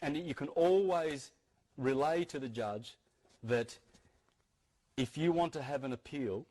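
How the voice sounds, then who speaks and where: A man with a dark-toned, mid-range voice speaks at a measured pace, giving an earnest lecture-style talk to an audience. He often goes back to restart his sentences and repeats key phrases.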